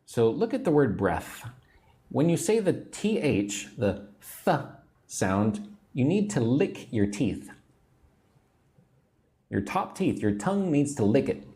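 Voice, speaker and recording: An American man giving a livestream English lesson, repeating phrases clearly and greeting viewers by name. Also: medium pitch, very animated, takes it slowly, long pauses, mellow. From United States. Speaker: English teacher.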